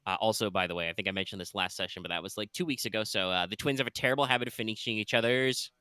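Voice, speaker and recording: A man's voice: on the low side, very fast, bright, forceful tone, clean tone, dry recording. A man running a tabletop game as game master, chatty and jokey.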